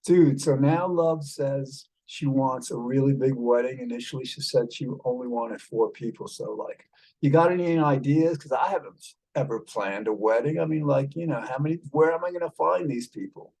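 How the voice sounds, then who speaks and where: Gravelly man with a put-on British accent. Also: mid-range voice, normal speed, darkish tone, rough recording. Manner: rambling, many fillers, calls the listener mate. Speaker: show host talking with an AI companion. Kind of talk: casual chat. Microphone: video call.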